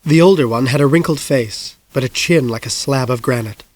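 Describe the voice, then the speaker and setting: A man narrating an audiobook in a hushed, suspenseful manner. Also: mid-range voice, a little fast. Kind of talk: scripted narration.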